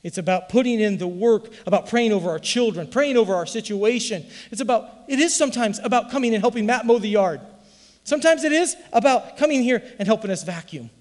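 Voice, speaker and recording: A man's voice: high voice, lively intonation, brisk, a little mellow, long reverb tail. A man preaching a sermon in an emphatic, folksy way, full of rhetorical questions. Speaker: pastor.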